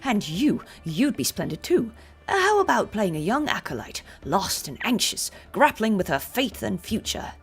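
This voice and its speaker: A woman's voice: medium pitch, sing-song, normal speed, breathy edge, faint music behind, heavily acted. A woman voicing a theatrical old male clown who talks like a grand stage performer.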